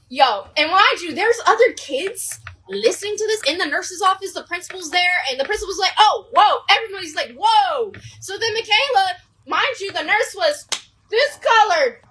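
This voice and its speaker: Young woman, very high and bright voice, casual animated storyteller who acts out the voices of the people in her tale. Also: normal speed, slight background noise, poor audio. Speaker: storyteller vlogger.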